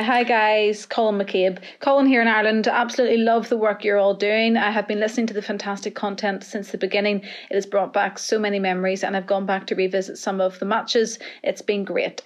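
A woman co-hosting a football podcast, chatting casually and reading listener emails aloud. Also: mid-range voice. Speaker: podcast co-host.

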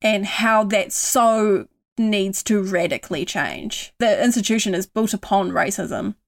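Speaking at a measured pace in a mid-range voice, a young woman with a New Zealand accent appears as a guest in a casual, earnest conversation. Her voice turns softer whenever she voices kind words to herself.

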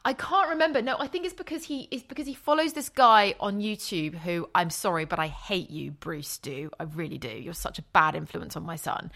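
A woman's voice: fairly low pitch, lively intonation, a little fast, gravelly, hardly any pauses, fairly bright tone. A middle-aged woman co-hosting a podcast, talking earnestly in casual chat and trailing off into restarts. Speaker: podcast co-host.

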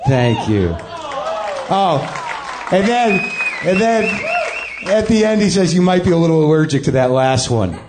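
A man's voice: on the high side, very animated, unhurried, long pauses, a crowd in the background, noisy background. A middle-aged man hosting a live comedy show, rambling and self-deprecating with plenty of swearing. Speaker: comedian host. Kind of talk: live stand-up monologue. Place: comedy club stage.

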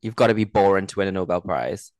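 Man, Geordie accent, very deep voice, jokey podcast co-host, dry sound. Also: quick pace, no room sound. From Newcastle, England. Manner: jokey, laughs often, playful. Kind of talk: casual chat.

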